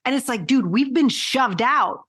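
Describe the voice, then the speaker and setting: A woman guest on an interview podcast, talking in an animated, emphatic way with casual swearing. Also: sits high, normal speed, breathy edge.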